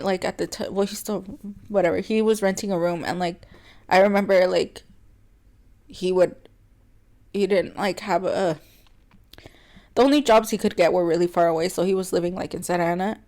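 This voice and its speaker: Young woman, a bit low-pitched, candid podcast storyteller who fills her speech with "like" and laughs often. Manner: chatty, heavy "like" fillers, laughs often between words; earnest and open, turning quiet on painful parts. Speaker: podcast co-host.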